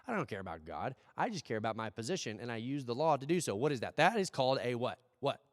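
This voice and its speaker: An American pastor with a mid-range voice delivers a conversational sermon at a church service, very animated and fast-talking. He asks rhetorical questions and acts out little asides. The sound is dry but carries a long hall reverb.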